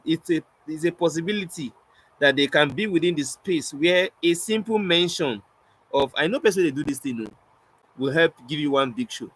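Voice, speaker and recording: A man's voice: on the high side, a bit bright, husky, low-quality recording. A young Nigerian man, a spoken word poet, teaching in a casual storytelling way, acting out both sides of his anecdotes and slipping into pidgin.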